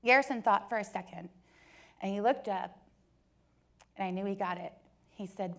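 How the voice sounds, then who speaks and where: A woman in her forties giving a personal storytelling talk to an audience, joking at times and turning soft and earnest at others. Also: mid-range voice, normal speed, creaky, long pauses. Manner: warm joking storyteller, switches between laughs and soft earnest passages. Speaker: company speaker.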